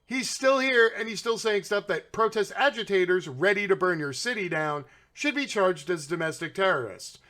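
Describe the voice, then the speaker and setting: A man's voice: high voice, lively intonation, moderate pace, hardly any pauses, bright, forceful tone. A man hosting political commentary, ranting in a sarcastic, mocking way and swearing freely.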